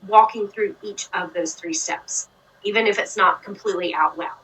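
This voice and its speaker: A woman's voice: medium pitch, bright, forceful tone, far from the mic, rough recording. A woman with a Southern US accent from Georgia, teaching a child phonics, patiently explaining and praising. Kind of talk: one-on-one reading lesson.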